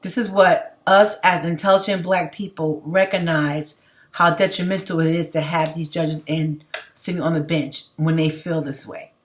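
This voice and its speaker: A woman's voice: low-pitched, fairly even intonation, normal speed. An outspoken woman giving casual, emphatic commentary as she reads out viewer comments, laughing between points. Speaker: livestream commentator.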